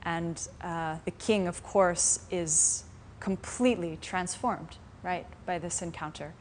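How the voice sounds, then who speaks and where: A woman's voice: on the low side, slow pace. A woman meditation teacher telling a story and teaching a live class in a reflective, conversational way. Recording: faint room noise from a live stream.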